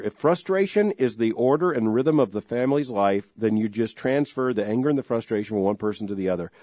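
A man's voice: lowish voice, expressive, dark tone, no echo. A middle-aged man hosting a call-in radio talk show, speaking earnestly and measuredly, often restarting his thoughts. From Florida, US. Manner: earnest, measured, repeats himself when starting a thought. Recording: dull dry studio broadcast sound.

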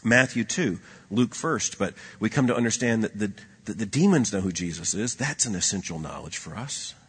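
A man preaching a sermon, swinging between loud emphatic lines and hushed low asides, with a husky voice. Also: expressive, moderate pace. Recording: long hall reverb.

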